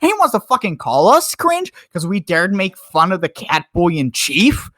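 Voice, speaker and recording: A drunk man tears into a foul-mouthed rant, his voice sitting high and lurching up and down with every insult. He swears constantly and laughs between jabs, like a podcast cohost gone off the rails. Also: wildly swooping pitch, normal speed, sharp tone.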